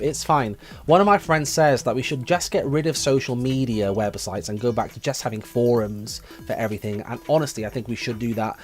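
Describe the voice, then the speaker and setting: A chatty young man hosts a relaxed live stream from his room at home. He reads viewers' messages aloud and muses about them in an easygoing way. Faint music plays quietly behind his voice. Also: mid-range voice. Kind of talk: casual live stream chat reading comments.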